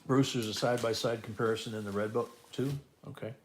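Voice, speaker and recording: Talking fast in a medium-pitched, fairly even voice, this man runs a relaxed coin auction live from home. He chats with viewers, calls bids, and echoes the bids and what his co-host says, with slight background noise.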